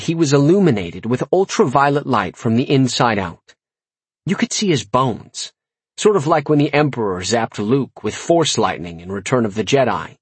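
Man, audiobook narration, wry comic delivery, husky voice, lively pitch, dry close sound. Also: no room sound. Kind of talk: first-person audiobook narration.

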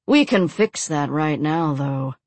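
A woman's voice: deep voice, lively intonation, takes it slowly, darkish tone, slightly rough, no room sound, exaggerated voice. A woman voicing a hardened old male cult priest who speaks solemnly and gloats with cruel command. The recording is dry and close. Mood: gloating.

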